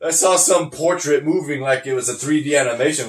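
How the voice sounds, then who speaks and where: A man with a fairly high voice talks a little fast in an echoey room, hosting a laid-back podcast about wrestling. He often laughs and brings scenes to life by acting out the quotes.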